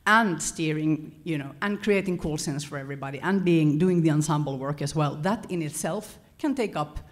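Woman, conference speaker, low-ish voice, conversational lecture with frequent self-corrections. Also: moderate pace. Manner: animated, self-correcting, chuckles between points. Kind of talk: lecture-style talk to an audience.

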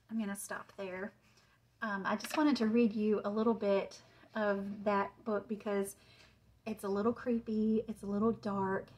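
A woman author reading a children's chapter book aloud with a measured, suspenseful delivery. Her voice sits in a middle range. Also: medium pitch, darkish tone, low-quality recording. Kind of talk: storybook read-aloud.

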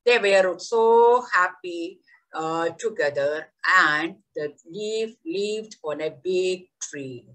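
A woman teacher leading an online workshop on theatre in education, telling a story in an enthusiastic, animated way over a video call. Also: on the low side, slow pace, rough recording.

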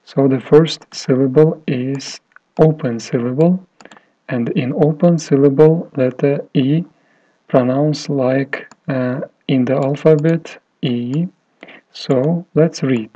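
Slow, mellow-voiced male teacher. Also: mid-range voice. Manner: slow, deliberate, with many fillers and pauses. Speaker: English teacher. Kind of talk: slow phonics lesson. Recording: dull lo-fi audio.

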